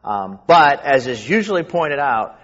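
A man from New York with a faint New York accent, a pastor preaching fast and reading scripture. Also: mid-range voice, very animated, fairly bright tone. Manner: talks fast. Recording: echoey hall, dull sound.

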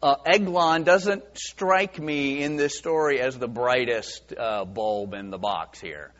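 A man's voice: medium pitch, slow pace, fairly bright tone. Man teaching scripture in a reverberant hall. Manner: conversational, many fillers, acts out quoted voices. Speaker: Bible teacher. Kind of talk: verse-by-verse Bible teaching. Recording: dull sound with long reverb in a large hall.

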